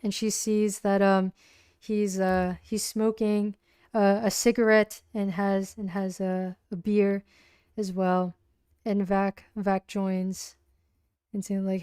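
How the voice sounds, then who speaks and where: A woman narrating her solo tabletop role-playing game on a livestream, halting with many restarts. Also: mid-range voice, level tone, dark tone, clean tone, no room sound, clean studio sound.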